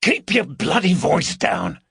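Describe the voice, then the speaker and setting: A man's voice: a little high, wildly swooping pitch, takes it slowly, vocal fry, fairly bright tone, husky, dry recording, clean studio sound, pitched above the performer's own voice, exaggerated voice. A man voicing a tetchy, bossy male burglar who talks in a harsh hiss. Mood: tetchy, urgent. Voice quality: harsh, hissing.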